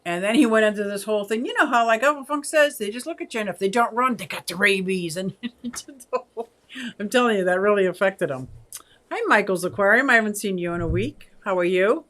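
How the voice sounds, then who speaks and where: A woman's voice: mid-range voice, brisk, fairly bright tone. A woman in her sixties hosting a casual livestream, chatty, laughing often and reading viewer comments aloud. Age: 60s. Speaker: aquarium channel host.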